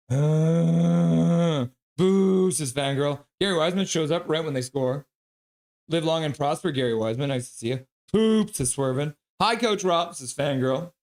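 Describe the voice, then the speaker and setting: On his live hockey broadcast, a man whose pitch is a little high narrates the play and reads the chat. His excitement often spills into yelling and chanting.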